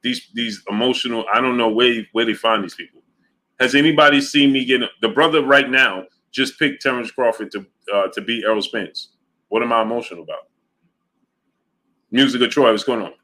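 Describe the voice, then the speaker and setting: A man's voice: medium pitch, fairly quick, sharp tone. A man hosting a boxing livestream, arguing his points emphatically and repeating them while reading out viewer chat messages. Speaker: boxing show host.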